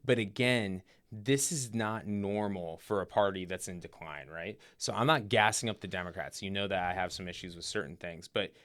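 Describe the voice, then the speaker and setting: A man co-hosting a podcast, chatting casually about politics in a rambling, animated way with many fillers and restarts. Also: low-pitched, normal speed, hardly any pauses, dry recording. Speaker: podcast co-host.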